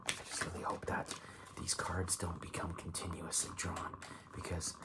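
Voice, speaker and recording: A man giving a soft, hushed ASMR tarot reading in a whisper, gently reading card texts aloud. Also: low-pitched, moderate pace. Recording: steady audible background hiss.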